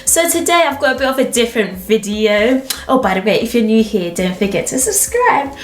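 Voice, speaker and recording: A woman's voice: fairly high pitch, animated, a little fast. A young adult woman hosting her own channel, chatting casually to camera and telling stories expressively, laughing easily. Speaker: channel host. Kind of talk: casual vlog chat to camera. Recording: roomy echo with faint background music.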